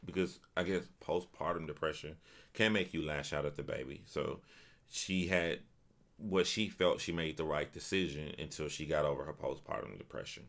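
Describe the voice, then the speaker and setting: A man's voice: extremely low pitch, normal speed, fairly bright tone. A man streaming casual commentary, reading a news article aloud and stopping to react with stunned remarks and repeated phrases. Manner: repeats himself and restarts phrases.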